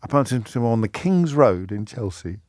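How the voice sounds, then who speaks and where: A man hosts a radio phone-in in a rambling, animated way, full of restarts and asides. His voice sits at an ordinary middle pitch. The studio sound is close and dry, with no room around it. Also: fairly quick, no room sound. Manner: rambling, self-interrupting, animated storytelling. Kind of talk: talk radio monologue and call. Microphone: studio microphone.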